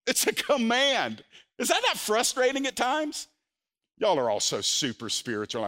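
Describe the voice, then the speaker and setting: An older man preaching a sermon as a pastor, animated, voicing quotes with sudden loud jumps. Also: high-pitched, measured pace.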